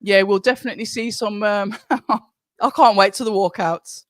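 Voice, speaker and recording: A woman's voice: medium pitch, steady tone, normal speed, no room sound, studio quality. A middle-aged woman hosting a live stream, chatting casually and reading viewer comments aloud from home. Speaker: livestream host.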